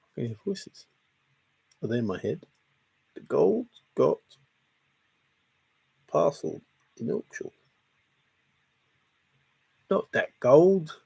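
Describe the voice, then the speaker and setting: A man with a gravelly, husky voice hosts a relaxed late-night livestream. He reads his viewers' comments out loud and answers them in a playful, unhurried way. The sound is close and dry. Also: fairly high pitch, no echo. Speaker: livestream host.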